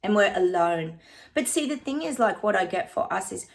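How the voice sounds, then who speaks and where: Woman, psychic reading vlog, casual, talks to viewers as guys, mid pitch. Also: lively intonation, moderate pace, creaky. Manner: chatty, keeps addressing viewers as guys; breaks into short bits of song and laughs often.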